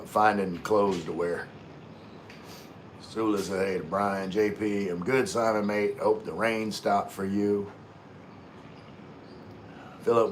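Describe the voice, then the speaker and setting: A man's voice: fairly low pitch, a little hiss or hum. A man hosting a casual livestream, reading viewer comments aloud and chatting back in an easygoing way, often repeating words and restarting. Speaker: livestream host.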